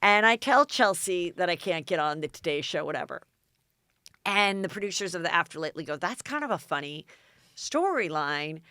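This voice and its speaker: A middle-aged American woman hosts a casual chat podcast, spinning a long anecdote with lots of animated asides. Her voice is bright and clear, recorded close and dry with no room sound. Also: lowish voice, normal speed, no echo. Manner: animated, dramatic retelling with quoted voices. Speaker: podcast host.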